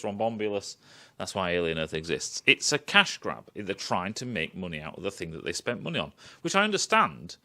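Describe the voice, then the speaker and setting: A man's voice: fairly low pitch, sharp tone. A man ranting in a casual, sweary, sarcastic review. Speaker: film and TV reviewer.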